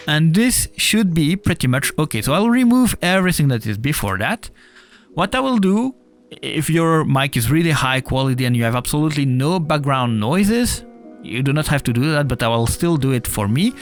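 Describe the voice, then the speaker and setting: Tutorial host, man, non-native accent, relaxed and explanatory on a desktop mic, faint music under him. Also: on the high side, normal speed. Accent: non-native English accent. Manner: casual, explanatory, with filler uhs. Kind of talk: screen-recorded software tutorial. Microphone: desktop USB mic.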